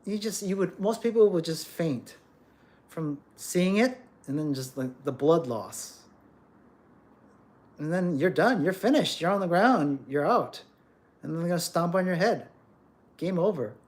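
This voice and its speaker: A man's voice: high voice, lively intonation, unhurried, pauses often. A man hosting a livestream, ranting bluntly and emphatically, often repeating words as he scolds. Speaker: livestream host.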